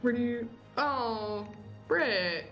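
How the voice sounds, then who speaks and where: A woman's voice: on the high side, expressive, drawn-out words. A woman co-hosting a gaming stream, rambling and joking about herself. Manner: rambling, self-deprecating. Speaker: co-host. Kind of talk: casual chat while gaming. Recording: dull lo-fi stream audio with faint music.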